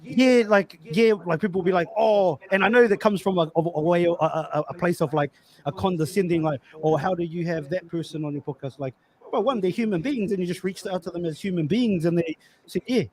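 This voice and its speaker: A man's voice: high voice, fairly quick, darkish tone. A man in his thirties with an Australian accent, co-hosting a podcast in loose, slangy casual chat, swearing and repeating himself. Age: 30s. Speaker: podcast co-host.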